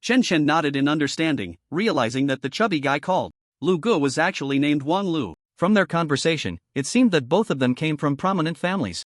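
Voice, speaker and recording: Lively male story narrator. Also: on the high side, brisk, few pauses, no room sound, clean studio sound.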